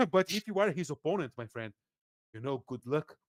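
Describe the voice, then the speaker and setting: A man with a Brazilian accent giving sarcastic, animated political commentary in casual podcast chat, acting out quotes as he goes. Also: fairly high pitch, normal speed, dry recording, studio quality. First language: Portuguese.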